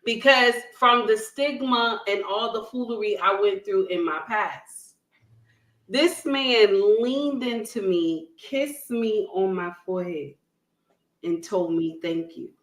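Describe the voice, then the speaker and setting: This panel guest's voice is fairly bright and medium in pitch, and she takes her time as she shares a story from her own life online. Her delivery is emphatic, dotted with "right?" and "okay?", and echo from the room carries through.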